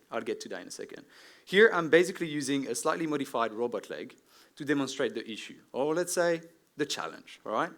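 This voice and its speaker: A man's voice: medium pitch, a bit bright. 30s man, French accent, friendly tech conference speaker, keeps checking in with the room. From France. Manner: friendly, lots of "right?" and "um" asides. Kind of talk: technical conference talk. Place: conference stage before an audience.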